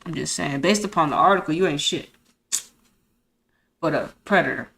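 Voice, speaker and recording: A woman's voice: low-pitched, expressive, moderate pace, creaky, a bit bright, slight background noise. Blunt, profane woman ranting over a report. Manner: blunt, profane and indignant, breaking into heated rants; rhetorical questions and street slang. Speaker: streamer host. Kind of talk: reading a report aloud with live commentary.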